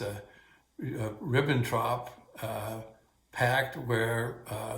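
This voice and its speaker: Older man rambling through family stories. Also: fairly low pitch. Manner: meandering, full of pauses and fillers. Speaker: grandfather telling family stories. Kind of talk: casual rambling storytelling. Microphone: battery-powered recorder or phone. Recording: roomy echo.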